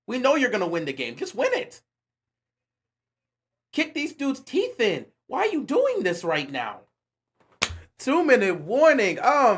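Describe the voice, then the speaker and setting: His voice high, a bit bright and husky, a man livestreams a football watch-along, giving play-by-play commentary. He rants at the game in exasperated, slangy bursts.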